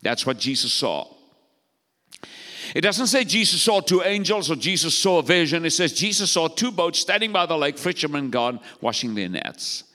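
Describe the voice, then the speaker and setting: Bright-voiced, high-pitched man preaching in a reverberant hall. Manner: exhorting, calls for congregation responses. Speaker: pastor. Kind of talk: sermon.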